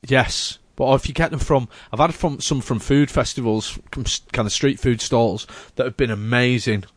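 A man's voice: mid-range voice, normal speed, dry recording. A man hosting a casual chat, rambling and searching for his words. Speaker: podcast host.

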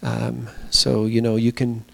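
Male pastor, mid-pitched voice, chatty storytelling sermon delivery. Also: completely flat delivery, creaky, fairly bright tone. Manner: storytelling, conversational with pauses and fillers. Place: small church.

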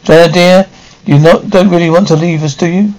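A middle-aged actor playing a proud, patient but stern inventor father, speaking in measured, formal lines in a 1950s TV drama style. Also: sits high, fairly even intonation, darkish tone, lightly acted, rough recording. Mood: pleading.

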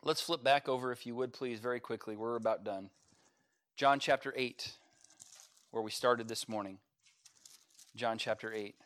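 A man, a pastor, preaching a sermon in a church, talking emphatically with loud, rising stretches and frequent restarts of his phrases. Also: mid-range voice, moderate pace, long pauses. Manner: repeats words and restarts phrases. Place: church sanctuary.

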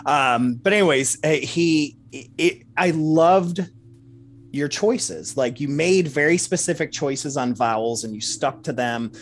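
Upbeat male podcast co-host, effusive and quick to laugh, a bit high-pitched. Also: a little hiss or hum. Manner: enthusiastic, effusive praise, laughs often. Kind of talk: casual interview chat.

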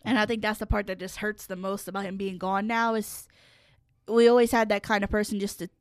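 A young woman co-hosting a casual podcast chat, telling stories with loud acted-out quotes and plenty of swearing. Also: medium pitch, fairly quick, dry recording, studio quality. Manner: animated storytelling, swears freely, acts out quotes loudly. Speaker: podcast co-host.

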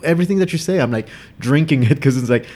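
A man's voice: medium pitch, expressive, fast, a little mellow. A man around his thirties in a casual podcast chat, reflective and confessional, often repeating words.

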